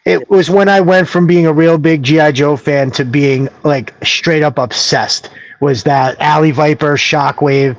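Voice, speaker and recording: A man's voice: fairly high pitch, unhurried, no room sound, lo-fi sound. A man who is a guest on a casual podcast chat, talking in a reflective way and searching for his words.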